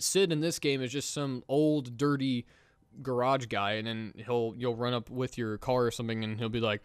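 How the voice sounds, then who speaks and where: A man co-hosting a casual gaming podcast, talking fast and excitedly, laughing and mimicking game characters. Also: mid-range voice, clean tone, no echo. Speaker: podcast co-host.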